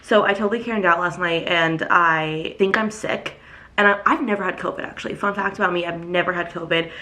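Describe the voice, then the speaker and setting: A woman's voice: lowish voice, a little fast. Congested young woman ranting to camera. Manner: animated, ranting, filler-heavy. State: congested, sick. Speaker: vlogger. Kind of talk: casual vlog talk to camera.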